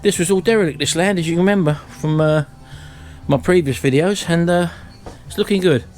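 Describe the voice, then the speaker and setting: A man's voice: on the high side, brisk, darkish tone. A middle-aged man, chatting casually to his viewers at home and calling them folks. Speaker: vlog host. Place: at home, house and garden.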